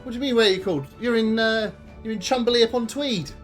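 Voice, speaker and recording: A man's voice: very high-pitched, fast, fairly bright tone, faint music behind, pitched above the performer's own voice. A man voicing a busy, brash middle-aged barmaid who calls customers love and darling. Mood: blunt.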